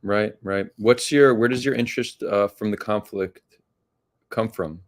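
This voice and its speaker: A man's voice: on the low side, measured pace. A man hosting a podcast, talking in a thoughtful, hesitant way with many restarts. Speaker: podcast host. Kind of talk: casual conversation.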